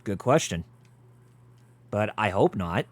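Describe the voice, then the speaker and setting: A man's voice: fairly low pitch, expressive, slow pace. A man co-hosting a game stream, explaining the story casually as he plays. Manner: explains the story plainly, many fillers. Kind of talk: casual chat while playing a game.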